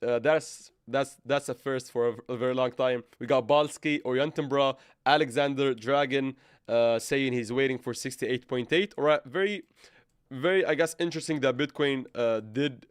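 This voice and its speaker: A man's voice: mid-range voice, clean tone, no echo, studio quality. A man hosting a live trading stream, reading viewer comments and thinking aloud with frequent stumbles and restarts. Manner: halting, stumbles and restarts, thinks aloud while working charts. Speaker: crypto trading livestream host.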